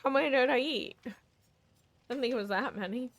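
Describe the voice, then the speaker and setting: A woman streaming a game live, giving chatty, playful commentary with quick asides. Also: sits high.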